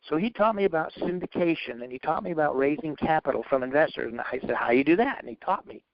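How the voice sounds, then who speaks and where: A man's voice: medium pitch, fast talker, hardly any pauses, no room sound. A man telling his own story in an interview, acting out the voices of past conversations in an earnest, motivational way. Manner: animated, acts out both sides of past dialogues; earnest, faith-driven motivational tone. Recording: dry, slightly dull lo-fi recording.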